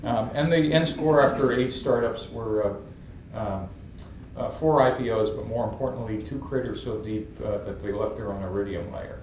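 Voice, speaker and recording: A man's voice: fairly low pitch, normal speed. New york guy telling funny startup stories on stage, roomy and faint hum behind. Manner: lively, humorous storyteller. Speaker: entrepreneur guest. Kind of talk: storytelling interview. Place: event stage. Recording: echoey room from a distance, faint ambience.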